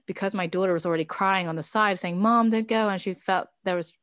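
A woman's voice: lowish voice, flat delivery, fast talker, a bit bright, no echo, clean studio sound. Earnest woman telling personal stories. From Chinese heritage. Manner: earnest, reflective, many fillers and restarts. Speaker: interview guest, business founder. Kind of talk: candid personal interview.

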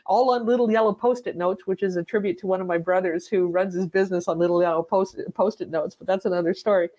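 Animated woman sales coach telling stories. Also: lowish voice, quick pace, lo-fi sound. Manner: animated storyteller, acts out sales dialogue. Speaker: sales coach, podcast guest. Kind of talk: conversational interview.

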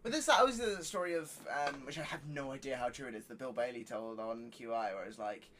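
A man's voice: mid-range voice, fairly quick, fairly bright tone, slight background noise. A young man co-hosting a podcast in casual chat, rambling with lots of fillers. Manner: rambling, chatty, filler-heavy. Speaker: podcast co-host.

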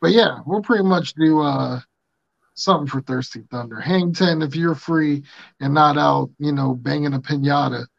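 A man's voice: on the high side, normal speed, creaky, no room sound. A man hosting a podcast in casual, rambling banter, laid-back and swearing freely, on dull lo-fi audio. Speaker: podcast host.

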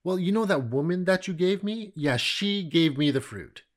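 A man's voice: mid-range voice, sing-song, measured pace, a little mellow. A man voicing the first man in a Bible story, shrugging off blame in a flippant tone. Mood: sheepish. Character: first man, sheepish, blaming others.

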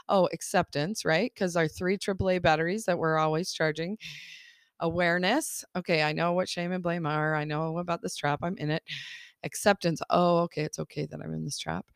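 A woman's voice: fairly low pitch, steady tone, moderate pace, vocal fry, dry recording, clean studio sound. A woman life coach hosting her podcast in a casual, upbeat monologue, laughing often as she acts out people's thoughts.

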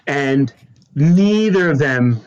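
A man hosting a podcast, telling stories in a lively, laughing way and acting out what people said. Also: a little high, takes it slowly, clear, resonant tone, muffled recording. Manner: animated, laughing storyteller who acts out quotes. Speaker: podcast host. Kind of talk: casual storytelling chat.

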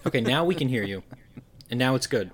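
A man's voice: medium pitch, expressive, fairly quick, breathy edge. A man co-hosting a casual gaming podcast over a video call, teasing and dry. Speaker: podcast co-host. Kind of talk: casual chat.

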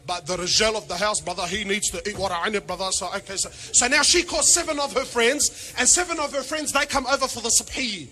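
A man preaching a sermon, animated and joking, firing rhetorical questions and mixing in Arabic phrases. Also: sits high, fast, hardly any pauses. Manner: peppers speech with Arabic phrases. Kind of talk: sermon to a congregation.

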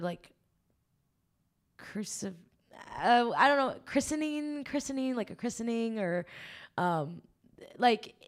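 A woman guest on a podcast, telling an earnest, emotional faith testimony with lots of ums and likes. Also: medium pitch. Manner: rambling, with many ums and likes.

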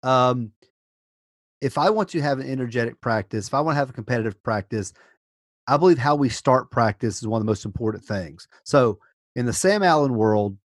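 A man hosts a podcast, backing up his guest with quick agreement before steering toward the next question. His voice sounds close and dry, with almost no room around it, in a middle pitch. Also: lively intonation, no room sound. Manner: affirming, guides the conversation to the next topic. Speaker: podcast host. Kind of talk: podcast conversation.

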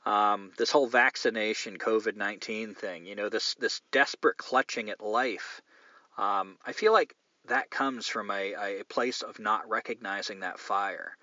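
Man, podcast host, bright forceful voice, candid rambling chat, dull lo-fi sound. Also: on the low side, a little slow, no room sound. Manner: candid, loose and rambling, swears casually. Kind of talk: casual chat, reading listener mail.

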